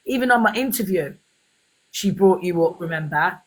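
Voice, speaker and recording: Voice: mid-range voice, moderate pace, fairly bright tone, rough recording. A guest on a phone livestream with a sore throat, talking in a chatty, slangy, teasing way. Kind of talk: casual livestream chat.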